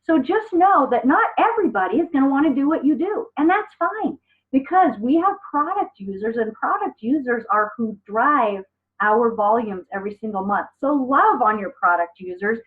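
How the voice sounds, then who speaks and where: A woman's voice: on the high side, animated, normal speed. A woman teaching an online business class in a chatty, upbeat way, talking to her students by name over a video call. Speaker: business trainer. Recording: phone-like video call audio.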